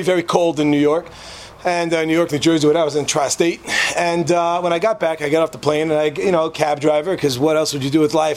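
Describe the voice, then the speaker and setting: A man telling a humorous story to a live audience, joking and throwing asides to the listeners. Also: on the high side.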